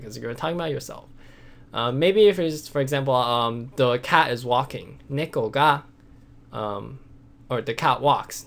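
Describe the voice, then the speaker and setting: A man's voice: mid-range voice, moderate pace, a bit bright. A man teaching a casual video lesson, explaining patiently with many fillers, restarts and repetitions. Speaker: language teacher.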